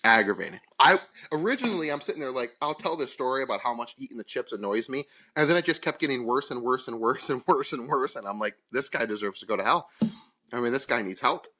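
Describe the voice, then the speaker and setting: A man's voice: mid-range voice, expressive, fast, pushed and bright. Profane, exasperated man telling a story. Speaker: podcast co-host. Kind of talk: casual storytelling chat.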